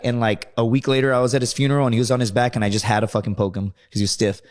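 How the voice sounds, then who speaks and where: A man's voice: medium pitch, little pitch movement, racing. A man telling stories as a guest in a casual podcast chat, acting out quoted voices and swearing often. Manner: storytelling, acts out quoted voices, swears a lot.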